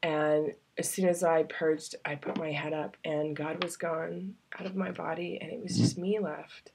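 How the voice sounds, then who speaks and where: A woman vlogger recounts a personal travel story to the camera, heartfelt and confiding, loose and rambling with many fillers, sometimes down to a near-whisper. Her voice is fairly low, husky and gravelly with a darkish, steady tone, a little slow but with few pauses.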